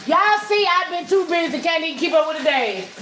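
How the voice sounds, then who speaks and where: High-voiced chatty woman cooking. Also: expressive, fairly quick, fairly bright tone, faint music behind. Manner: chatty, salty-tongued, talks straight to viewers. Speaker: home cook vlogger. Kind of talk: casual cooking vlog. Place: home kitchen. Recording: echoey kitchen with frying sizzle.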